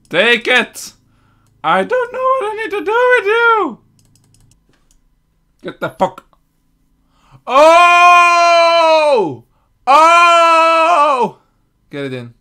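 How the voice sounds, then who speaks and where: A high, very animated woman commenting on a video game as she plays. She shouts and laughs often, and her voice swings wildly up and down. Her tone is bright and sharp, and she talks at an unhurried pace. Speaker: gamer.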